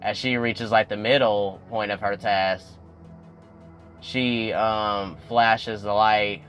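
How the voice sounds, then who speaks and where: Casting: young man, low-pitched, chatty YouTube recap host, faint music underneath. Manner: animated, addresses viewers as y'all, swings up in pitch when excited. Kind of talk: casual episode recap.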